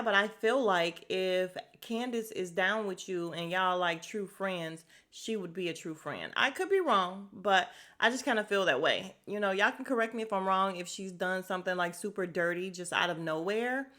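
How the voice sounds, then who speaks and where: A woman talks through a reality show episode on her own podcast, blunt and unfiltered with plenty of profanity. She breaks into quick, animated impressions of what she'd say back, her voice jumping up for the punchlines. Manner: acts out quoted lines with sharp pitch jumps. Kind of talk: casual solo recap podcast.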